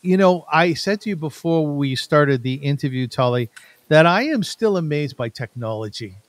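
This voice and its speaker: A man's voice: a little high, animated, normal speed, no echo. A Canadian man hosting an interview, chatty and enthusiastic. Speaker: podcast host. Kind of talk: casual interview.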